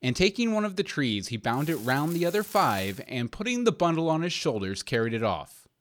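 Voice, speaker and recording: A man reads an old fairy tale aloud, measured and expressive. His voice sits a little high and moves a lot in pitch. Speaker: reader. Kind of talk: storybook narration.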